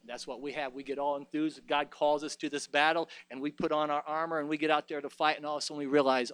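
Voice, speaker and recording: A man preaching a sermon, alternating between loud exhortation and quiet reflection, often stumbling and restarting his phrases. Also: a little high, flat delivery, fast, hardly any pauses, smooth, dry recording.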